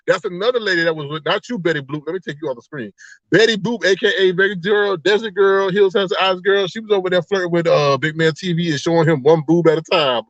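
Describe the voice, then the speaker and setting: A man with a high voice hosts a casual livestream in a teasing, gossipy tone, greeting his viewers one at a time. He laughs often and slips into exaggerated outbursts. The sound is dry and a little dull, like a lo-fi webcam mic. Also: a little fast, no echo. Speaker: livestream host.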